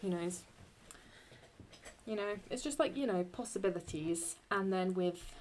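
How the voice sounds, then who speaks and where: Woman teacher going over latin scansion, slow easygoing pace, chatty, fixes her own slips, reads the latin lines out carefully. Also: mid-range voice, lively intonation, a little mellow, slight background noise. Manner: chatty, thinks aloud, self-correcting; slow, deliberate Latin recitation. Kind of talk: screen-recorded lesson.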